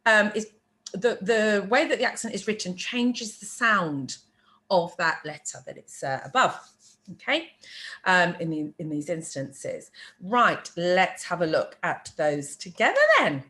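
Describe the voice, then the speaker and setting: Woman, language teacher, bright tone, unhurried careful delivery, leads repeat-after-me drills. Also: fairly low pitch. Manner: slow, careful teacher modelling words for repetition. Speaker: French teacher. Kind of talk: online language lesson. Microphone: screen-share narration.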